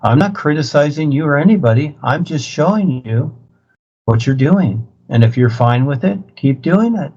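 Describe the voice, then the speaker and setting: Over muffled, dull video-call audio, a man of the spiritual-teacher type lectures in a slightly high, animated, mildly mellow and slightly rough voice at a moderate pace. He's insistent and preachy, repeating himself and pressing his point.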